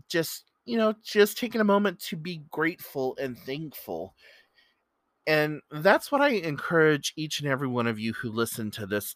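A man talks alone on his podcast in a loose, rambling, earnest way, full of fillers and restarts. His voice is bright and sits at an ordinary pitch for a man. The sound is dry and close to the mic. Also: dry recording. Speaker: podcast host. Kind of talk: casual solo podcast storytelling.

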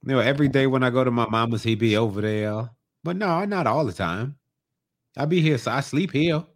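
A man's voice: mid-range voice, brisk. A young man co-hosting a comedy podcast in a laid-back, emphatic, profane way. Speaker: podcast co-host. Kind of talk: casual comedic chat.

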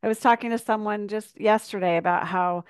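A woman hosting a podcast, speaking in a thoughtful, soft and unhurried way. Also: medium pitch, fairly even intonation, clear, resonant tone, dry recording, clean studio sound. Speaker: podcast host. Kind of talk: reflective podcast conversation.

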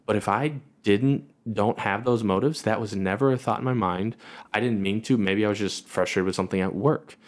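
Low-voiced man talking things over. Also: fairly quick. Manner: reflective, many fillers and restarts. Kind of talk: casual conversation about marriage.

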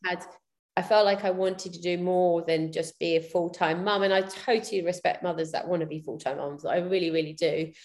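A woman's voice: fairly low pitch, steady tone, fairly quick, darkish tone. A woman, a business founder talking candidly and reflectively in a casual interview, with many fillers and restarts. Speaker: podcast guest, PR business founder.

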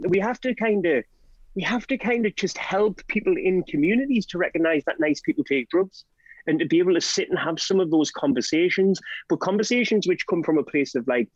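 A man's voice: on the high side, no room sound. Sweary Geordie man, fired-up talker. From Northeast England. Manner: animated, sweary, rapid rants peppered with "right?" and "do you know what I mean". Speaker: podcast guest, drug harm-reduction trainer. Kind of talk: passionate podcast conversation. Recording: dull, dry podcast audio.

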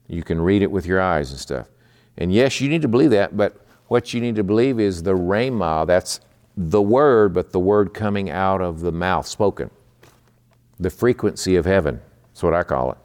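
A man preaching a midweek sermon in a conversational way. He slows down to explain terms and often repeats words. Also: deep voice, animated, darkish tone, smooth. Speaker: pastor.

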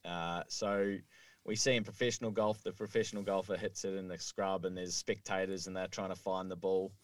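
Low-voiced man explaining golf rules. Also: little pitch movement, a little fast, no room sound, distant mic. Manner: explains rules step by step, with many fillers. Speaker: podcast co-host. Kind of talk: casual chat. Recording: dry, a little off-mic.

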